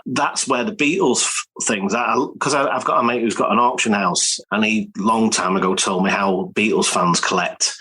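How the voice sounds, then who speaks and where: An English man talks in a husky, slightly low voice. He tells stories in a lively way and acts out what other people said, all in a casual, salty tone. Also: normal speed, poor audio. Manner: animated storyteller, swears, acts out quotes. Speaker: guest, collector. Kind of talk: casual interview chat. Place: home studio with archive.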